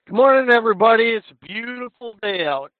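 A man's voice: very high voice, lively intonation, brisk, dry recording, narrow, tinny audio. A man speaking earnestly and reflectively to a group of believers. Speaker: participant addressing the group.

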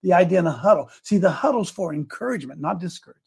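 Gravelly older man, folksy faith talk. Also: high voice, expressive, rapid-fire, a little mellow. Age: 70s. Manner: folksy, rambling, chuckling, speaks straight to viewers. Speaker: host of a daily faith talk show. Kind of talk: casual devotional talk.

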